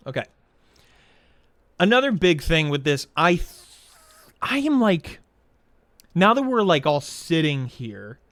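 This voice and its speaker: A man's voice: medium pitch, a bit bright, dry recording. Rambling, swearing male streamer, dry sound. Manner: rambling, profane, many "like" fillers. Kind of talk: casual chat while setting up a game stream.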